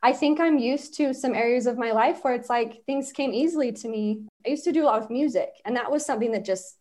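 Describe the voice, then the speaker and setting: A woman's voice: on the high side, fairly quick, darkish tone. A woman from Utah, a podcast guest, telling personal stories in casual conversation and laughing often as she talks.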